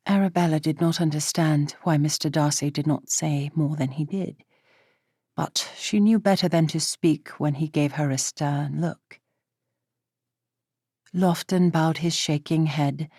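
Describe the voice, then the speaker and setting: A woman narrating a period romance audiobook in a measured storytelling manner. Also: low voice, fairly even intonation, dark tone, husky, dry recording, clean studio sound. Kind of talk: scripted narration.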